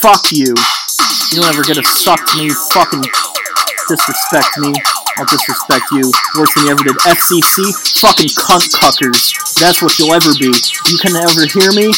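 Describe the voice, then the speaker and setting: Ranting profane man rapping over loud beat. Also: a little high, moderate pace, over loud music. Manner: profane, ranting, half-rapped and half-sung, drifting into mumbling. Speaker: amateur rapper. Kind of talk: angry freestyle rap over a beat. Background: loud backing beat.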